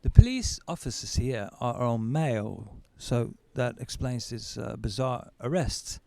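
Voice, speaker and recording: A man doing stand-up comedy, telling a story with animated, stammering, self-mocking delivery before a live audience. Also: medium pitch, unhurried, creaky, dry recording.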